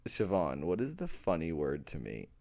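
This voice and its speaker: Deep-voiced playful male streamer. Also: wildly swooping pitch, moderate pace, vocal fry, a little mellow. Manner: playful, easily amused, self-mocking. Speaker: live streamer. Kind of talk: reading ghost stories aloud on a live stream, chatting with viewers.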